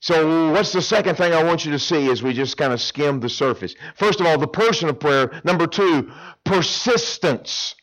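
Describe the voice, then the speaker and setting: A male preacher giving a sermon, telling a Bible story in an animated, folksy way with humor. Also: fairly high pitch, normal speed, rough recording.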